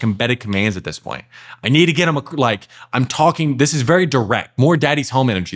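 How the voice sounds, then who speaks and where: Blunt, direct male sales trainer. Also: mid-range voice. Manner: direct, blunt, talks to the viewer with frequent fillers. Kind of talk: casual instructional talk with role-play examples.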